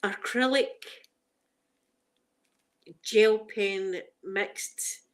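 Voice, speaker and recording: A Scottish woman chats her way through an unboxing on her channel. She talks in a warm, emotional way, often restarting words as she stumbles over reading aloud. Her voice sits at an ordinary middle pitch. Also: drawn-out words. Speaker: ASMR channel host. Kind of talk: casual unboxing chat.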